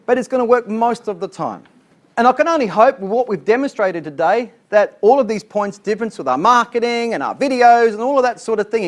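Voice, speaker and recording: A man giving an animated, chatty training seminar as a sales trainer. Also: sits high. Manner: animated, chatty, laughs at his own jokes.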